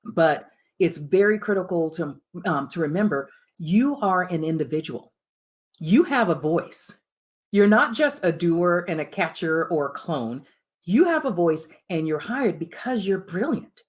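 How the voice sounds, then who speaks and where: Middle-aged woman, low register, workshop presenter; frank, emphatic, lots of fillers. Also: animated, unhurried. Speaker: workshop speaker on the chief of staff role. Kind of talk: live workshop talk.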